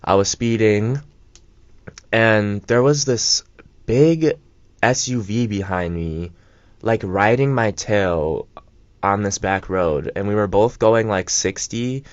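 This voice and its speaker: Young guy rambling thru a story on college radio, low-ish voice, kinda muffled lo-fi sound. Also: dry recording. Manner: rambling, filler-heavy, quick asides. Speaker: radio co-host. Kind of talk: casual storytelling chat. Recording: dull lo-fi college radio mic.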